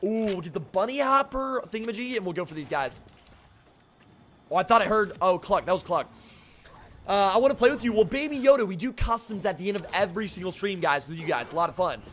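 A young man streaming a shooter game live, chatting casually with his viewers and greeting them by name, with excitable outbursts during fights. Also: high-pitched, fast. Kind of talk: casual live-stream chat while playing.

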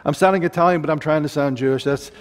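Talking fast, a middle-aged preacher from the Ozarks delivers a passionate, wandering sermon laced with jokes. His voice is unusually high for a man, a long reverb hangs on each line, and there's slight background noise.

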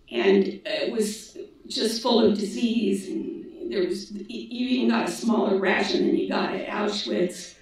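A woman's voice: mid-range voice, fairly even intonation, a little slow, a little mellow. A woman gives a public presentation in a conversational way, with asides and restarts. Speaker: guest speaker, daughter of a survivor. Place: large lecture hall. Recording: echoey hall from far off.

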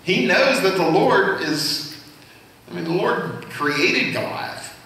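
A man's voice: sits high, lively intonation, slow, bright, forceful tone, slight background noise. A man preaching a sermon as senior pastor, speaking conversationally and asking the congregation questions. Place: church sanctuary. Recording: very echoey hall, voice from far off.

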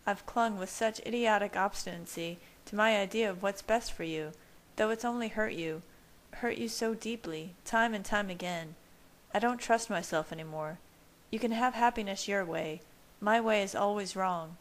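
A woman's voice: medium pitch, moderate pace, lightly acted. A woman voicing an intense, yearning young man who speaks with earnest passion, in a fan-read storybook. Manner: earnest, impassioned.

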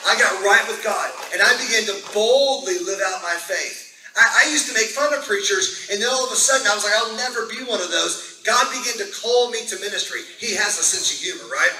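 Man in his 40s, high and piercingly bright, sharing a sermon testimony to a church crowd, recorded from a distance in an echoey room. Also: brisk, slight background noise. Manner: storytelling, asks the audience questions. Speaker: revival speaker. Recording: roomy echo from far off.

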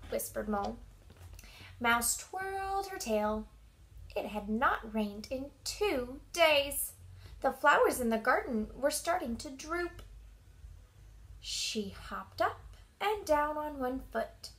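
Slow, animated woman reading aloud. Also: high-pitched. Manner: expressive and animated. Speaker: storybook reader. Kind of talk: reading a children's book aloud.

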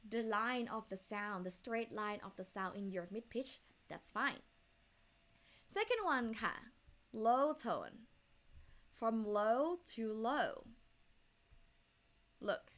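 A woman's voice: on the high side, lively intonation, takes it slowly, long pauses, a bit bright. A woman with a Thai accent teaching a language lesson step by step, demonstrating tones by drawing out single syllables.

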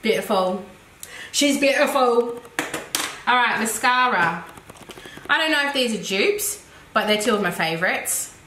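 This Australian beauty vlogger's voice sits on the higher side and is expressive, moving at normal speed. She chats and giggles through a relaxed makeup review, voicing her thoughts as they come, in an echoey room with faint noise.

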